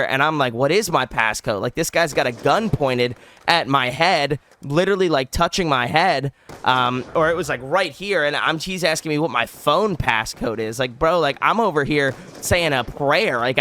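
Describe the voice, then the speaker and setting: A young man casually telling a story on his vlog, animated and rambling, with many likes and restarts. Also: on the high side, moderate pace, slight background noise. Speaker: vlogger.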